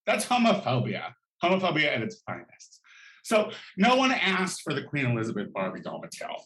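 A man's voice: on the high side, wildly swooping pitch, moderate pace, fairly bright tone. A man doing a sassy, profane comedic rant, campy and full of exaggerated outbursts, recorded in an echoey room. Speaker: vlogger.

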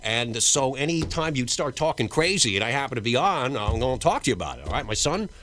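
A man's voice: medium pitch, big pitch swings, fast, a bit bright. A man hosting a talk radio call-in show, joking and needling his callers.

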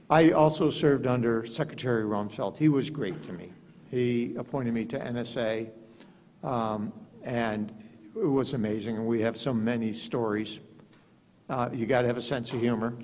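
An older man delivers an after-dinner keynote, spinning anecdotes with a dry, self-deprecating humor. His voice sits at an ordinary middle pitch. It carries the long echo of a hotel ballroom. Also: a little mellow. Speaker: keynote speaker. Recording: echoey hall.

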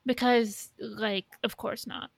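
A woman co-hosting a podcast in casual chat, candid, swearing, with halting restarts. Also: a little high, level tone, gravelly, no room sound. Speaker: podcast co-host.

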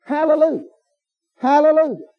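A man's voice: extremely high pitch, moderate pace, no room sound. A man preaching a sermon in a folksy, emphatic way, firing off rhetorical questions. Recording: dull lo-fi sermon recording.

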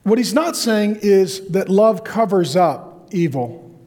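A man preaching a sermon in a lively, joking way, acting out complaining voices. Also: high voice, slow pace. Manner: animated, jokey, acts out complaining voices. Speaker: pastor.

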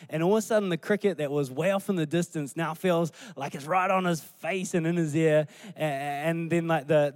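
A man, a pastor preaching a sermon through animated storytelling. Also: on the high side, dry recording. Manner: animated storytelling, acting out scenes.

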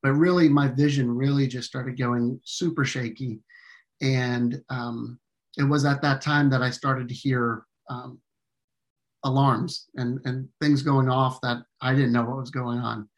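Earnest man telling a story haltingly. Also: mid-range voice, fairly even intonation. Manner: earnest, halting with many fillers and restarts. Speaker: interview guest. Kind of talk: personal storytelling in conversation.

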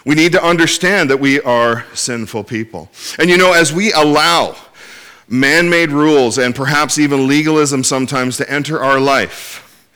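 A male pastor delivers a sermon with an earnest, direct manner, often stumbling and restarting as he goes. His voice sounds bright and forceful, and his pitch sits in an ordinary middle register. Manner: earnest preaching with frequent restarts and direct address to the congregation. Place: church in Inverness.

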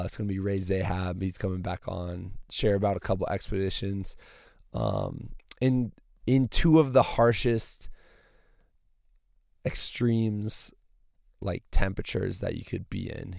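A male podcast host with a gravelly early-morning voice, chatting casually in a rambling, enthusiastic way from inside a parked car. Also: deep voice, darkish tone, no room sound, clean studio sound. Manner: rambling, enthusiastic, many fillers. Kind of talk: casual solo podcast outro.

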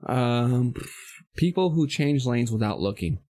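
A man's voice: mid-range voice, measured pace, dry recording, clean studio sound. Foul-mouthed man ranting on a podcast. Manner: profane, animated storytelling, acts out quoted voices. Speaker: podcast host. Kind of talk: casual podcast chat.

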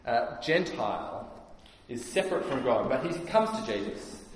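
A man preaching a sermon, explaining things earnestly with frequent pauses on "uh". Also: mid-range voice, big pitch swings, a little hiss or hum. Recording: echoey hall reverb.

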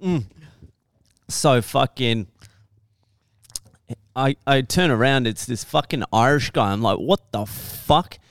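A man's voice: mid-range voice, expressive, takes it slowly, long pauses, no echo, clean studio sound. Foul-mouthed young man telling a story. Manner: crude, swears constantly, laughs through his story. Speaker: podcast co-host telling a story. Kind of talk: casual storytelling chat.

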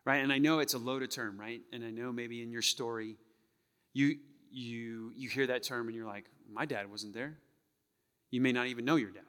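A man's voice: medium pitch, fairly even intonation, brisk, fairly bright tone, smooth, in a large hall. A male pastor delivering a sermon in a conversational way, often checking in with the congregation. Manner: conversational, keeps asking the crowd "right?". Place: church sanctuary.

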